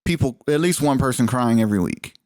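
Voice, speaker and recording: A man's voice: mid-range voice, animated, fast, a little mellow, dry recording, clean studio sound. A man co-hosting a podcast, telling rambling stories in casual chat, swearing freely and acting out what people said. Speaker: podcast co-host.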